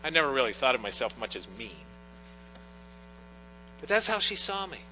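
With a sing-song, bright and forceful medium-pitched voice at normal speed, a middle-aged pastor tells personal stories earnestly during his sermon. Long church reverb and a faint mains hum mark the sanctuary recording.

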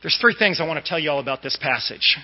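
High-voiced man preaching in a church. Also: lively intonation, fast, a little hiss or hum. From Boston area. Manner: conversational preaching with fillers and asides. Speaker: lay preacher. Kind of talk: sermon. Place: church sanctuary. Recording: dull echoey church recording.

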